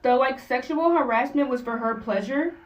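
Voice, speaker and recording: A woman's voice: high-pitched, normal speed, recorded from a distance, poor audio. A young woman telling a personal story to camera in blunt, slangy, profane casual talk. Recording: voice a bit off-mic.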